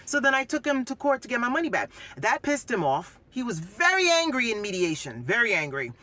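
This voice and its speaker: A woman's voice: a little high, very animated, fairly quick, few pauses, bright, forceful tone. A woman venting bluntly and heatedly to her audience, cursing, repeating herself and mimicking what others said. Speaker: vlogger. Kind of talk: heated personal vent to camera.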